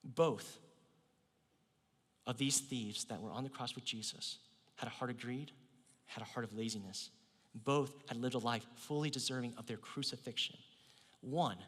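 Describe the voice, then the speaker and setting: Guy preaching a sermon, kinda breathy, goes loud then whispery, big reverby church. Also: mid-range voice, normal speed, pauses often. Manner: dramatic swings between loud emphasis and near whispers. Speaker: pastor. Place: church sanctuary.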